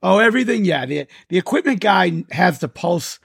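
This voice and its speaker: A man's voice: high voice, animated, normal speed, vocal fry, slightly rough, dry recording, clean studio sound. A man co-hosting a podcast, giving short reactions and brief considered answers in casual chat. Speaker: podcast co-host.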